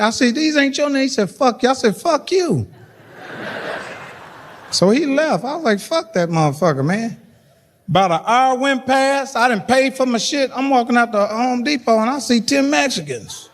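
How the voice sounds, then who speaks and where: A middle-aged man telling profane stand-up stories and acting out the voices of people in them. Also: sits high. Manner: profane storytelling, acts out voices. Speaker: stand-up comedian. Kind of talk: stand-up comedy set. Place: comedy stage before a laughing audience. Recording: live hall reverb, faint noise.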